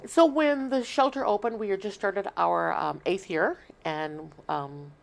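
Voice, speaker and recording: A woman's voice: medium pitch, a little slow, gravelly. A woman, a shelter guest on an interview show, explaining earnestly at length with frequent restarts. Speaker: shelter marketing manager, guest. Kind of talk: casual interview talk.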